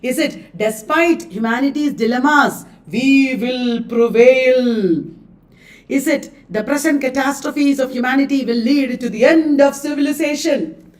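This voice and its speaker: Chatty Indian woman, live literature coaching, high-ish voice, recorded from a bit back. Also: normal speed, recorded from a distance. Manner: chatty, laughs often, mixes Hindi words. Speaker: literature teacher. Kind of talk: live online exam coaching.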